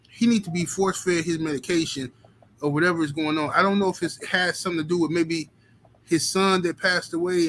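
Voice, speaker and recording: Host, male, profane casual stream chatter, tense bright tone. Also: high-pitched, slight background noise, low-quality recording. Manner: loose, profane, laughing asides, slangy. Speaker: boxing talk show host. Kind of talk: casual live-stream commentary.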